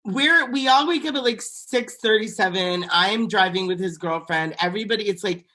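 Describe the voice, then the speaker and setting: A woman's voice: mid-range voice, moderate pace. A young woman co-hosting a podcast, chatting bluntly and animatedly about reality TV. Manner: blunt, animated, quotes people in put-on voices. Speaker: podcast co-host. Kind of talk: casual reality TV gossip chat.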